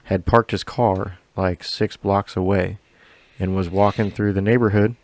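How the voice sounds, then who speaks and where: A man's voice: deep voice, fairly even intonation, unhurried, darkish tone. A man co-hosting a podcast, telling a long story in a loose, rambling way, swearing often and laughing along. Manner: profane, rambling, laughs a lot. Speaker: podcast co-host. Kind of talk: casual storytelling chat.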